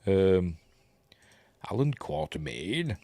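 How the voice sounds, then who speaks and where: A man's voice: deep voice, big pitch swings, slow pace, mellow, no echo. A Yorkshire man giving a casual, rambling scene-by-scene commentary on a film, often correcting himself and chuckling. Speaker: film reviewer.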